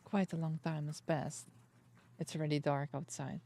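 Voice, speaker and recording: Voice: mid-range voice, flat delivery, moderate pace, gravelly. A streamer reading a visual novel's text aloud and reacting playfully, dropping in Japanese words. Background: soft game music.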